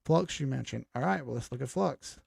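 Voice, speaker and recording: A man's voice: medium pitch, lively intonation, a little fast, vocal fry, darkish tone, slightly rough, no room sound, clean studio sound. A man hosting a live stream, going over charts in casual talk, blunt and combative as he answers his viewers directly. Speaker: crypto live-stream host.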